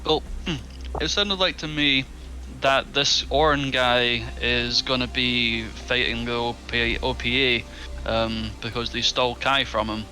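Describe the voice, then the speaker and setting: Bright-voiced, hesitant male player. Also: medium pitch, steady tone, measured pace, faint music behind, low-quality recording. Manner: hesitant, questioning. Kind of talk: casual tabletop game chat.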